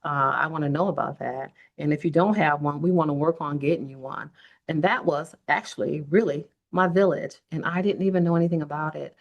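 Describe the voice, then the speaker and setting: Earnest low-voiced woman in her fifties. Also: brisk, vocal fry, muffled recording. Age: 50s. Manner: earnest, heartfelt, addresses listeners directly. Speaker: podcast host. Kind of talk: personal storytelling podcast.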